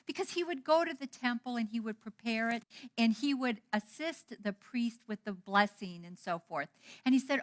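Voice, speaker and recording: A middle-aged woman minister giving a storytelling sermon, animated and acting out the dialogue she quotes. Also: fairly high pitch, normal speed. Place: church hall.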